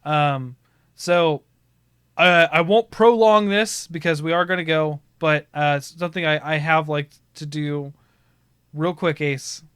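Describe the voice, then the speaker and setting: Bright, animated male podcast host. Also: a little high, takes it slowly, clean tone, dry recording, studio quality. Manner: animated, rambling, laughs often. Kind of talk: casual storytelling chat.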